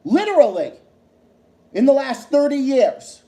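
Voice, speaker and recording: A man's voice: very high voice, very animated, unhurried, warm tone, reverberant. A man hosting a livestream, ranting heatedly about politics with lots of profanity and repetition. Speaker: livestream host.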